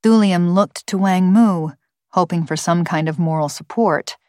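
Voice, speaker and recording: A woman with a lowish voice narrates an audiobook, keeping her storytelling measured and even. There's no echo on this scripted narration, and the sound is clean and studio-made.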